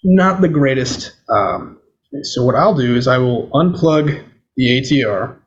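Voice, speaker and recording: Appearing as a podcast guest over a video call, a man casually explains audio gear, switching between his webcam mic and a USB condenser to demonstrate them. He's relaxed and chatty, leaning on fillers like "you know" and "um." His husky, mid-range voice moves a little slowly, and the sound is lo-fi.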